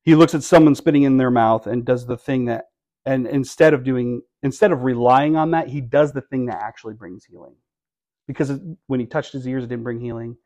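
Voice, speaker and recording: A man's voice: medium pitch, a little fast, darkish tone. Man preaching a chatty sermon. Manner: conversational, wry asides, rhetorical questions. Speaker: pastor.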